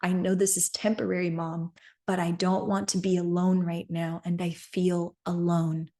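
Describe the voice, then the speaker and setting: A woman's voice: fairly low pitch, flat delivery, normal speed, warm tone. Earnest woman host. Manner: earnest, repeats "right?" often. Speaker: podcast host. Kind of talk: personal story and coaching talk.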